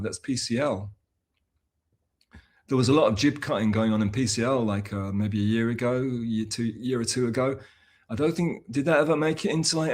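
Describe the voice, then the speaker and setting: A man livestreaming, chatting casually with his viewers in a rambling, self-mocking way. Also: medium pitch. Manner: rambling and self-mocking, with many restarts and fillers. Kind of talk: casual livestream chat, reading and answering chat.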